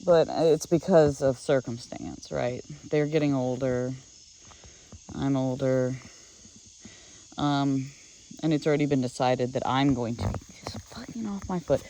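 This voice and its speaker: An adult vlogger rambles through a frustrated vent while walking a woodland trail outdoors, speaking at an ordinary mid pitch. The talk is loose and halting, full of fillers and restarts. Faint insects and crickets hum quietly in the background. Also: poor audio. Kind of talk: casual venting vlog while walking.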